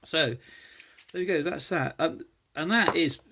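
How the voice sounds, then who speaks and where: Gravelly-voiced man, lockpicking hobbyist, halting and musing, fillers throughout. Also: on the high side, noisy background. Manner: hesitant, thinking aloud with many fillers. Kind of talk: casual demonstration while picking a lock.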